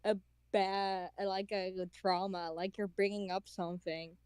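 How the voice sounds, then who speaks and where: A woman's voice: medium pitch, little pitch movement, measured pace, a little mellow, clear, resonant tone, no room sound. A woman co-player in casual chat, speaking hesitantly with many fillers.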